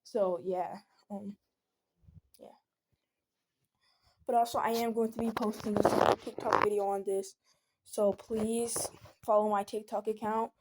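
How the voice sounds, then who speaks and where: A teenage girl talks through a casual venting video in an earnest, rambling way. Her voice is mellow and warm, never bright. She often slips into soft pleading. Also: mid-range voice, steady tone, a little slow, pauses often, a little hiss or hum. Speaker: vlogger.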